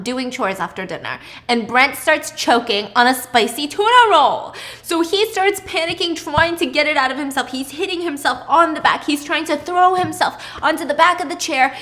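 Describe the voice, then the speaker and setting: Brief: young woman host, high voice, lively casual storyteller who acts out characters. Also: moderate pace, hardly any pauses. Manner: animated, acts out characters with shouting and whispers. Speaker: podcast host.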